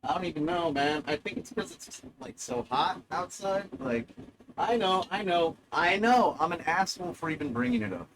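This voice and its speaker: A man talks on a live stream in a loose, rambling way, dry and self-mocking, with curses dropped in casually. His voice sits a little higher than most men's. A faint hiss of noise runs under the talk. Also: moderate pace. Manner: sardonic, self-mocking, swears freely.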